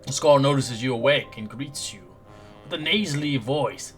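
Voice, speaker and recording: A man narrating a tabletop game as game master in a halting, rambling way with restarts. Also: medium pitch, faint music behind.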